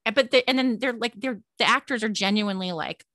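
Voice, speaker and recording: A woman's voice: a little high, fast, a bit bright, dry recording. A woman with a Californian accent co-hosting a casual chat, rambling with lots of "like" and frequent laughs. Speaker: podcast co-host.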